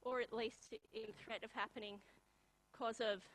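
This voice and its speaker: Slow deadpan Australian woman. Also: a little high, a little hiss or hum, poor audio. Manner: deadpan, halting with many pauses and ums. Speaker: comedy performer. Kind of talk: live comedy sketch.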